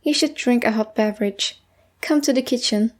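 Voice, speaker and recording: A woman's voice: on the high side, moderate pace, lightly acted. A woman voicing a patient, caring mother who soothes and calls others honey.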